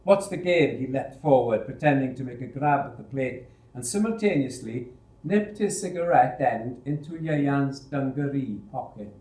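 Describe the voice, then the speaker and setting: A man reading a novel adaptation aloud in a measured, unhurried way, recorded in a roomy space. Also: mid-range voice, expressive, dark tone. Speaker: storyteller. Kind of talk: audiobook reading. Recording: roomy echo.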